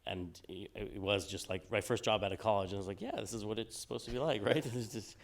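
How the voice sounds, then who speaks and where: A man in his forties, a game designer guest in an interview, talking in a relaxed, rambling way with many fillers and restarts. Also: on the low side, fast talker. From United States. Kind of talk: casual interview on stage.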